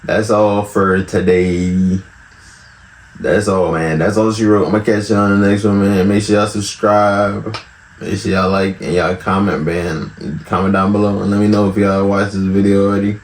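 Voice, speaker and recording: A man's voice: on the low side, level tone, moderate pace, reverberant, far from the mic, low-quality recording. A man hosting a reaction video, chatting casually in a slangy, laid-back way. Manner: slangy, laid-back, says "bro" and "y'all".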